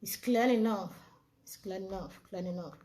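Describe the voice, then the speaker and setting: A woman interviewing a guest in a live online chat, halting and repeating her questions. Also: mid-range voice, a little mellow, echoey room.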